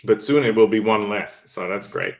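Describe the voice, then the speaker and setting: A man hosting a casual crypto podcast, relaxed and joking dryly. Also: on the low side, normal speed, creaky. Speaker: podcast host.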